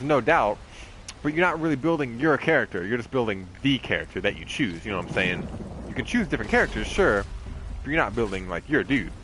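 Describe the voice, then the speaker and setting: A man with a medium-pitched voice chats casually while streaming a game, with background noise behind him. His talk rambles, is full of fillers, and gets profane.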